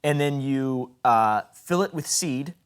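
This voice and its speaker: A man from the United States hosting a comedy interview, deadpan and halting with fillers. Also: mid-range voice, smooth. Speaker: host.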